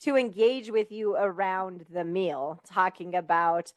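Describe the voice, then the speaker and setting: Slow-spoken middle-aged mother, podcast co-host. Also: medium pitch, no echo. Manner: calm, reflective, deliberate. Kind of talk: candid podcast conversation.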